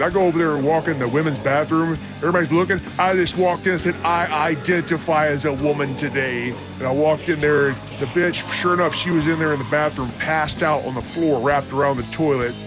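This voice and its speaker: Guy on a podcast ranting a story, swears nonstop, kinda high voice, faint music under it. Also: fairly quick. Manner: profane, blunt, rambling. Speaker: podcast host. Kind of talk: casual storytelling monologue.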